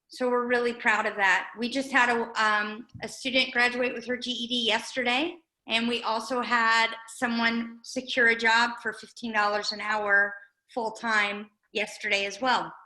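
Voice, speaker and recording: A woman's voice: a little high, level tone, normal speed, pushed and bright, echoey room, rough recording. A woman giving an earnest, conversational update as a guest speaker at a community meeting. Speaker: guest speaker, nonprofit director. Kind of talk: informal update talk at a meeting.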